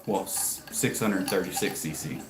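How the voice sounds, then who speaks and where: A man's voice: deep voice, moderate pace, roomy sound, low-quality recording. A man in his thirties from the United States, chatting casually with viewers on a livestream and greeting them by name. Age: 30s. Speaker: livestream host. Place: home garage.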